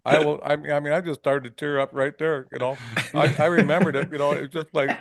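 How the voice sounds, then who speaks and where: A fishing guide from Wisconsin rambles through casual stories on a podcast in a studio, his voice a little high, gravelly, and fairly even in intonation. He talks quickly with few pauses and no echo, often finishing with "right?" and acting out salty lines.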